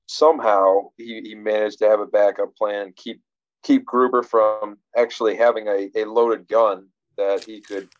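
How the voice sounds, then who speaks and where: Low-voiced man talking casually, lo-fi sound. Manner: rambling, many restarts and fillers, reflective. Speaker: podcast co-host discussing a film. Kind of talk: casual conversation.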